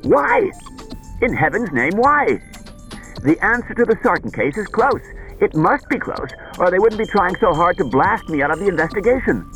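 A man's voice: sits high, sing-song, normal speed, a bit bright, soft background music, voice pushed up, heavily acted, rough recording. A man voicing a tense, exhausted male detective at his limit, talking in a strained, raised and urgent way. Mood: desperate.

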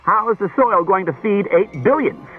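A man voicing a hard-nosed male police detective who talks brisk and needling, heard through a tinny old radio broadcast. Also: high-pitched, lively intonation, soft background music, voice pushed up. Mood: commanding.

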